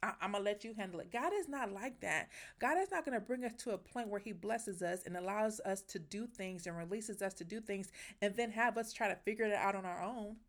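A woman's voice: mid-range voice, fairly quick, hardly any pauses. A woman hosting a faith podcast, talking in an emphatic, heartfelt, preacherly way and sounding emotional as she encourages listeners. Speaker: podcast host.

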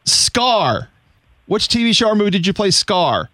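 A man hosting an interview who quizzes his guest in a deliberate, teasing way. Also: high-pitched, big pitch swings, pushed and bright, no echo. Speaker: interview host. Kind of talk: quiz-style interview questions.

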